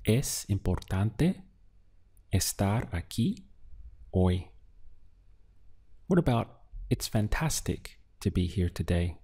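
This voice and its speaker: A man's voice: lowish voice, very animated, slow pace, long pauses, mellow, breathy edge. A man teaching a beginner language lesson, patiently prompting the learner and then giving each answer. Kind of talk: slow instructional lesson.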